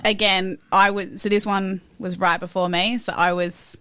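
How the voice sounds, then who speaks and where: A woman's voice: medium pitch, flat delivery, normal speed, bright, forceful tone, clear, resonant tone, dry recording. An Australian woman, a boxer guest, chatting casually and laughing often. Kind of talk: casual chat.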